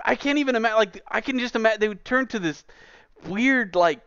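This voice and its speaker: Man ranting emphatically, smooth voice. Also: sits high, a little fast, a bit bright, no room sound. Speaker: gaming streamer. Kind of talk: casual ranting commentary while gaming. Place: at a computer. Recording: dull lo-fi dry sound.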